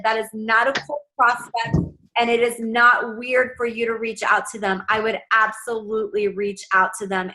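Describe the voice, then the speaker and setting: A woman's voice: fairly high pitch, sharp tone, rough recording. A young adult woman coaching her sales team in a casual, upbeat, direct way.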